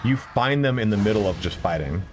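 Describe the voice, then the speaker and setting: Over faint game music, a male streamer delivers brisk, expressive commentary in a low-leaning voice. He keeps up casual banter with viewers as he plays, swearing when the game gets the better of him.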